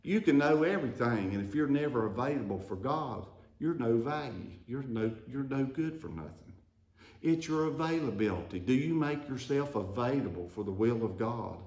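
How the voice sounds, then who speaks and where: A man's voice: medium pitch, animated, moderate pace, darkish tone. A man preaching a sermon, calling the congregation to answer and building to emphatic declarations. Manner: call-and-response preaching, rising to emphatic declarations. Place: church sanctuary. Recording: roomy church echo.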